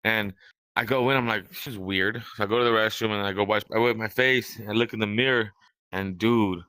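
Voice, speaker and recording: A man's voice: lowish voice, fairly even intonation, fairly quick, pushed and bright, clean tone, dry recording. A young man hosting a podcast, telling a long, rambling, profane story in casual chat and acting out what others said. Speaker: podcast host.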